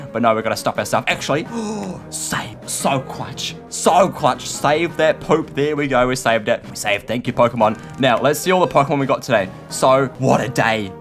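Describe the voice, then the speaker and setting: Male gaming commentator, frantic, shouty, excitable, higher-pitched voice, faint background music. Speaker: gaming YouTuber.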